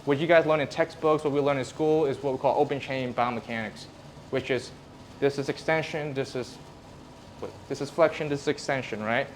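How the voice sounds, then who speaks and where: In a room before a live audience, a physical therapist explains things in a relaxed, conversational way and acts out examples. His mid-range voice stays steady in tone and fairly quick, and there's slight background noise.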